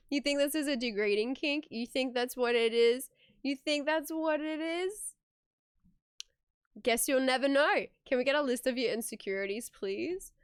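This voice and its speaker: A woman's voice: sits high, clear, resonant tone, no echo, studio quality. A young woman streamer chatting casually with her viewers, giggly and talkative, reading messages aloud.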